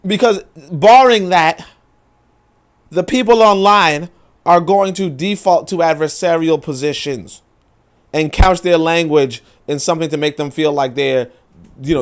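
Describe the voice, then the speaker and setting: A young adult man hosting a casual live-stream, reading viewer comments and riffing with profane, animated storytelling and mocking quoted voices. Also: on the high side. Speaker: livestream commentary host.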